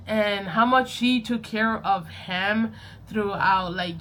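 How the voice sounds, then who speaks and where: A young woman with a bright, clear-toned voice chats casually to her viewers, rambling from one thought to the next and correcting herself along the way. She laughs easily as she talks, with a faint hum of room sound behind her. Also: medium pitch. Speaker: journaling vlogger. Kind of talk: casual chatty vlog.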